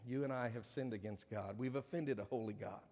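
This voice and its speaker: A man's voice: medium pitch, a little fast. Man preaching in an echoing hall. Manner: preaching with swelling emphasis and hushed drops. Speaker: pastor. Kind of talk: sermon. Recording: long reverb of a large hall.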